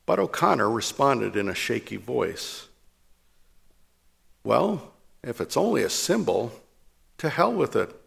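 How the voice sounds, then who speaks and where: Male priest, gravelly husky voice, measured emphatic sermon, long reverberant hall. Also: medium pitch, fairly bright tone.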